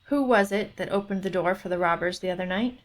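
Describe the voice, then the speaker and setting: A woman's voice: medium pitch, fairly quick, natural voice. A woman reading aloud as a sly rooster who slyly accuses the porter.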